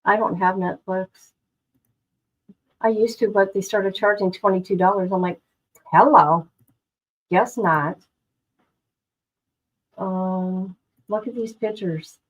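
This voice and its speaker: A woman's voice: medium pitch, level tone, measured pace, lo-fi sound. A woman hosting a casual livestream, dramatic and exclamatory, talking to herself and her chat. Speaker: livestream host. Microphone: no headphones, device mic.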